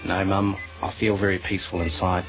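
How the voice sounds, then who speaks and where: A gruff, crass old Kiwi bloke with a New Zealand accent, grumbling from a hospital bed, as a man acts him out in a radio comedy sketch. The voice sits low, and the old radio clip sounds dull, with music playing under it. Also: little pitch movement, a little fast, fairly bright tone. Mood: sentimental. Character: crude dying old Kiwi dad, gruff and stingy.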